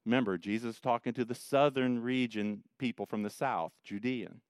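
A man preaching a sermon, emphatic, swinging between quiet, low passages and loud, rising ones. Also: steady tone, moderate pace, smooth, no room sound. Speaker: pastor.

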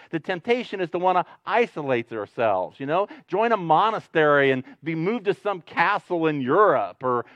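A man's voice: high-pitched, fairly bright tone, no room sound, muffled recording. A man preaching a sermon as pastor, talking conversationally and joking with the congregation, then growing emphatic. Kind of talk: sermon with jokes.

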